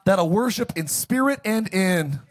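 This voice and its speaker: A pastor preaching a sermon, joking and calling on the congregation to repeat phrases after him. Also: male voice, high voice, expressive, unhurried. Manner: jokey, calls for congregation responses.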